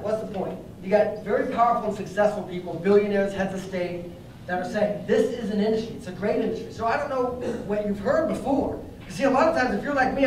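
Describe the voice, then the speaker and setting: A young adult man giving a lively motivational training talk to a live group, telling stories and putting questions to the audience. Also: sits high, a little hiss or hum. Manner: energetic, storytelling, asks the audience questions. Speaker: network marketing trainer. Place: training room before an audience. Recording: very echoey room, mic at a distance.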